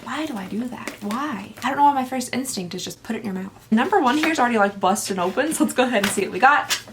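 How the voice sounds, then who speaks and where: A woman's voice: fairly high pitch, expressive, fast talker, a little hiss or hum. A young adult woman hosting a casual beauty unboxing vlog, chatty and bubbly, with self-mocking asides. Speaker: beauty vlogger.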